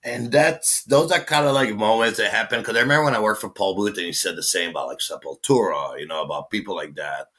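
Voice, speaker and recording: Guy in his forties, low punchy voice, lively storyteller who swears and acts out quotes. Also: fast talker, few pauses, slightly rough. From Israel. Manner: animated, swearing, acting out quotes. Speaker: guest, tattoo artist. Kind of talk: casual storytelling.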